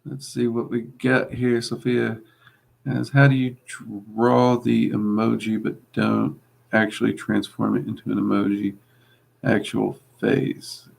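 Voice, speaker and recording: A man's voice: lowish voice, flat delivery, slow, vocal fry. A man with a mixed Kentucky and Louisiana Southern accent, hosting a casual livestream and answering chat in a rambling, hesitant way. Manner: rambling, hesitant with many ums, friendly asides. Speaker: host answering live chat.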